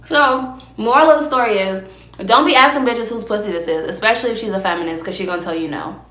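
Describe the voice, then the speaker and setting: A young woman on a casual solo podcast tells brash, swear-filled stories while eating. Her mid-range voice moves a little fast but with long pauses, and the tone is fairly bright. She's recorded on a phone camera with a ring light, with roomy echo.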